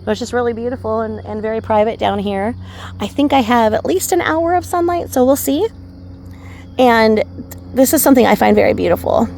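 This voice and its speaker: A woman's voice: fairly high pitch, brisk, creaky, darkish tone, a little hiss or hum. A woman vlogging outdoors by a remote river, chatty and rambling with many fillers and asides, filmed on a handheld phone. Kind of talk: casual rambling vlog narration.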